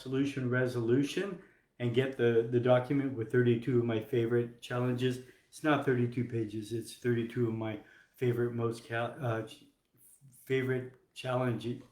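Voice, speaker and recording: A man's voice: medium pitch, darkish tone. A man coaching doctors in a casual, joking live talk, acting out examples. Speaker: health coach teaching doctors. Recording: roomy echo.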